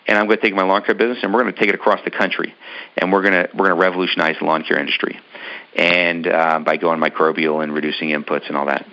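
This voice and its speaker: A man's voice: low-pitched, bright, forceful tone, low-quality recording. A man casually telling a long personal story in an interview, rambling with many ums and restarts. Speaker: business owner telling his story.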